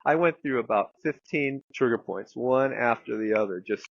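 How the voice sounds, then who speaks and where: Gravelly guy telling a story in a dry room, lots of likes and you-knows. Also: mid-range voice, normal speed, no echo, muffled recording. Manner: rambling anecdote with many fillers and some swearing. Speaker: guest therapist. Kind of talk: casual storytelling.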